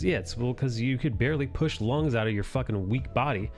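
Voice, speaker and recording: A man's voice: medium pitch, animated, a little fast, creaky, hardly any pauses, a little mellow, soft background music. A man hosting a drawing live stream, chatting casually in a rambling, profane way that keeps correcting itself. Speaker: live-stream host and comic artist.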